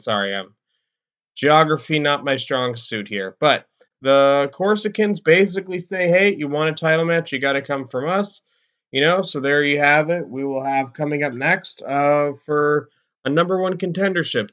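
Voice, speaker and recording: A man's voice: a little high, a bit bright, clean tone, muffled recording. A man casually commenting on a wrestling management game, rambling with many fillers and self-corrections. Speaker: let's-play commentator.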